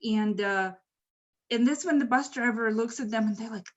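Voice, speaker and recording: A woman telling a true story in a casual, animated way, laughing now and then, over a video call. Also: a little high, moderate pace, dull audio. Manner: lively, animated, laughs mid-sentence. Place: home, virtual event.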